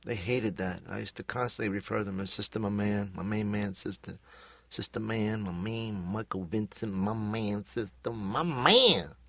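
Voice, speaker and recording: A man's voice: on the low side, moderate pace, vocal fry, bright, forceful tone, dry recording, full character voice. A man voicing a neurotic, needy cartoon therapy patient who rambles and complains in a self-pitying way. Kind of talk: animated sitcom voice acting.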